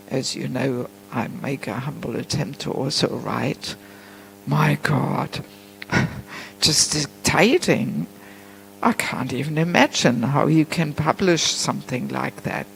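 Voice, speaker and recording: Gravelly woman giving a scripture class. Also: sits low, a little hiss or hum, poor audio. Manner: chatty, frequent "you know", laughs often. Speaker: temple class speaker. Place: temple hall.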